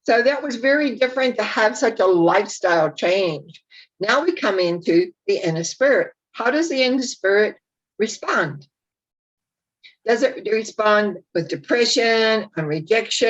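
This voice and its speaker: A woman speaking off the cuff as a spiritual teacher on her own channel, reflective and gently encouraging, wandering from thought to thought. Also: medium pitch, muffled recording. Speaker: spiritual teacher and YouTube host. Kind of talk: unscripted spiritual talk to camera.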